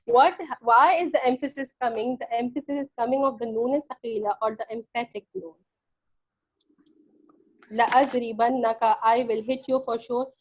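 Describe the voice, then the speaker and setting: A woman's voice: fairly high pitch, fairly even intonation, normal speed. A woman teaching a grammar class online, explaining firmly and repeating key points. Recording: lo-fi online call audio.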